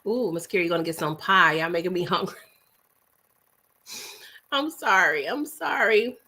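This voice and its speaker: Reading her viewers' messages during a relaxed live stream, this New York City host has a bright voice that sits on the low side, moving at a moderate pace. She snacks while chatting, full of laughter, energy, and side comments to the audience.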